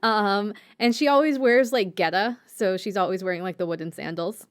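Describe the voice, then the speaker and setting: A woman's voice: mid-range voice, normal speed, clear, resonant tone. A woman co-hosting a podcast, giving a chatty, filler-heavy recap with frequent giggles. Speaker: podcast co-host. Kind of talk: casual anime recap.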